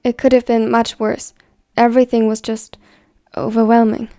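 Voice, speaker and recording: Gravelly woman reading a story, flat delivery. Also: fairly high pitch, normal speed, dry recording, faint music behind. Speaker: fan fiction reader. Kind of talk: scripted story narration.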